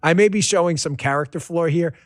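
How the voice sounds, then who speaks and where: A man hosting a political commentary podcast, talking in a sarcastic, excitable rant that keeps tipping into laughter. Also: fairly high pitch, a little fast, no echo, studio quality. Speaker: podcast host.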